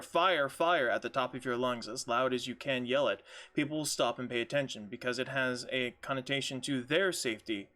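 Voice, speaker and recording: A man's voice: medium pitch, pushed and bright. A man playing a tabletop game over voice chat, joking and laughing, and reading notes aloud to the party. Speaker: player.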